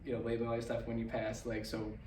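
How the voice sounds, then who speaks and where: A man's voice: mid-range voice, completely flat delivery, very fast, darkish tone. A man hosting a podcast, telling a long rambling story with frequent laughs. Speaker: podcast host. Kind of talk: casual chat. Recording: echoey room, mic far off, noisy.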